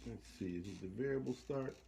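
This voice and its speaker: Man, low and gravelly, halting casual demo voice, thinks aloud. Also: dark tone. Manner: halting, thinking aloud, trailing off mid-sentence. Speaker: equipment demonstrator. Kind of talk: casual hands-on gear demo.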